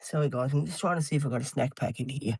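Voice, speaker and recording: Man, 30s, rambling casual streamer, dry close sound, middle pitch. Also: quick pace, gravelly, slightly rough, no room sound, rough recording. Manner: rambling, repetitive, frequent ums and restarts. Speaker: live streamer. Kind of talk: casual live stream chat. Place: inside a parked van, dim light.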